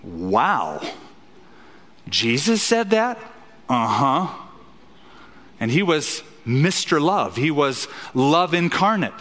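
A man's voice: fairly high pitch, very animated, slow pace, long pauses, fairly bright tone, in a large hall. A man preaching an expository sermon as a pastor, emphatic and fond of rhetorical questions.

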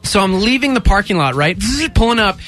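A young man with a high, bright voice tells a story on a radio talk show. He is animated and jumps into little acted-out voices for the people in it. Faint music plays underneath. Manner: animated, acts out voices in quotes, quick bursts. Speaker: radio station host. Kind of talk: casual storytelling chat.

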